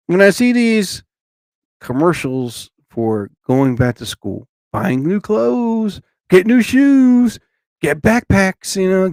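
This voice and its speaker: A man chats on his live stream in a loose, rambling way, greeting viewers by name as he goes. His voice sits a little high. The sound is dry and close, with no room echo. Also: darkish tone, clear, resonant tone. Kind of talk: casual live-stream chat.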